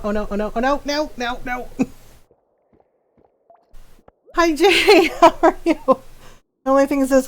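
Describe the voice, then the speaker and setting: A woman streaming a video game live, reacting excitably and laughing often as she chats with viewers. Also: a little high. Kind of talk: live gameplay commentary.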